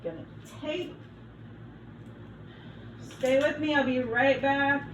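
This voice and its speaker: A woman teacher leading a phonics lesson on her phone, sounding out words slowly and patiently. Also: sits high, fairly bright tone, a little hiss or hum, poor audio. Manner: slow, patient, encouraging sounding-out. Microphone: phone, set down and picked up.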